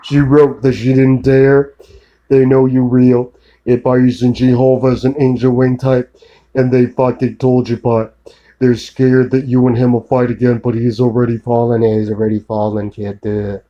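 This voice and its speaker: A man's voice: medium pitch, little pitch movement, normal speed, warm tone, dull audio. A man in a rambling solo monologue, ranting profanely and accusingly, repeating filler tags and addressing an unseen woman.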